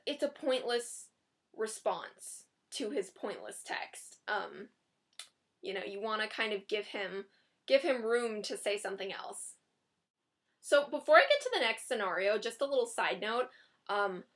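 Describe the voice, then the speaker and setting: A woman's voice: mid-range voice, a bit bright. A young woman giving dating advice in a casual, chatty vlog, often giggling and reading out sample text messages.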